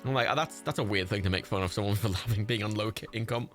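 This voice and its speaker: A man's voice: fairly low pitch, quick pace, fairly bright tone, faint music behind. A young man chatting casually while playing a building game, often confused, laughing and swearing. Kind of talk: casual gameplay chat.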